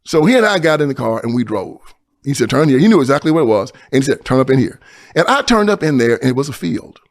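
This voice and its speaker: A man from Tennessee, talking in a preaching style, moving from loud emphasis to hushed storytelling. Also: medium pitch, big pitch swings, quick pace. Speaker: guest.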